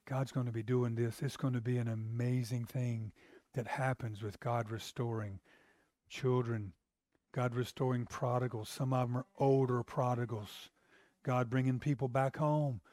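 A male pastor preaches in an emphatic, conversational style with frequent exclamations. His voice sits in a middle pitch. The recording is dry, with no room echo. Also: level tone, normal speed, a little mellow. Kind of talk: sermon.

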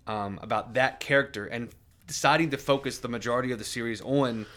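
A man co-hosting a podcast talks a little fast in a medium-pitched voice that sounds pushed and bright. The chat is casual and hesitant, with many restarts.

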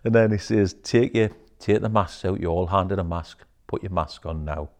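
Man, deep low voice, casual storytelling, slips into whispers. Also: moderate pace. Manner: swears freely, hushed whispers when quoting others. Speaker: guest telling a personal story.

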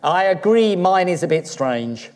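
A man's voice: sits high, expressive, measured pace, darkish tone. A middle-aged Australian-born man, a priest, preaching a sermon in a chatty, joking way to his congregation. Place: church. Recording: long church reverb.

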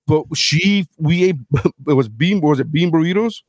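A man's voice: a little high, a little slow, no echo. A middle-aged man hosting a casual talk show, telling profane stories with lots of energy. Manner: profane storytelling, animated. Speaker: podcast host. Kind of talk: casual chat.

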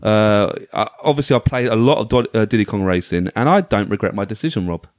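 A man's voice: on the low side, fast talker, no room sound. A man hosting a casual podcast chat about retro video games, talking with enthusiasm and frequent restarts. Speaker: podcast host.

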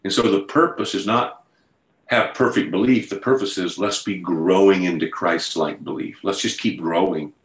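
A man with a lowish voice preaches a sermon over a video call. He talks in a loose, conversational way and then builds into fervent storytelling. The room has a roomy echo around him. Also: moderate pace. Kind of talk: sermon to an online group.

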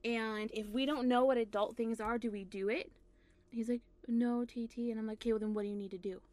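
A woman casually telling an anecdote to a friend, animated and laughing often. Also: fairly high pitch, brisk. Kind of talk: casual storytelling chat.

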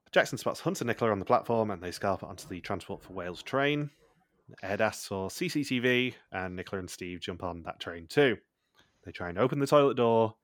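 A man's voice: lowish voice, no echo, clean studio sound. A man co-hosting a podcast, recapping a TV show in casual chat, blunt and swearing freely. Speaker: podcast co-host.

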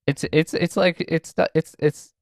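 A man's voice: on the high side, steady tone, unhurried, dry recording, studio quality. A man co-hosting a podcast in casual chat, playful and laughing often. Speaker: podcast co-host.

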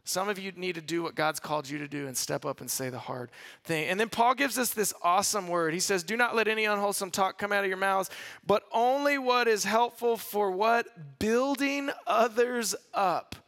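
A man preaching a sermon to a congregation, animated and conversational, acting out quoted voices and asking his audience rhetorical questions. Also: high voice, normal speed. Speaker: pastor. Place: church in front of a live congregation.

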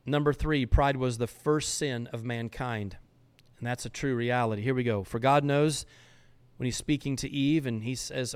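Man, podcast host, preaching style, emphatic and fervent, middle pitch. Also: steady tone, normal speed, clear, resonant tone. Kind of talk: preaching monologue.

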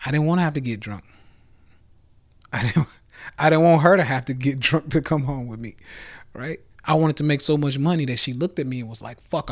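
Brash, swaggering man ranting. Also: medium pitch. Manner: brash, swaggering, profane, calls out to the audience. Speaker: host of a live motivational rant. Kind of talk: casual motivational rant. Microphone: phone on a live stream.

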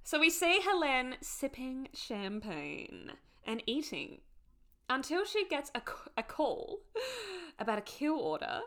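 Excitable woman podcast co-host. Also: high voice, takes it slowly. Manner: excitable, gushing, laughs often. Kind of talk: casual chat recapping a TV episode.

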